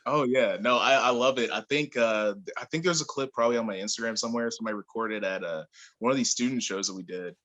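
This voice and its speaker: A young man, a pro wrestler, chatting as an interview guest, telling animated stories and laughing often. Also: medium pitch, fast. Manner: animated storyteller, laughs often, acts out quotes. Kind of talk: casual interview chat.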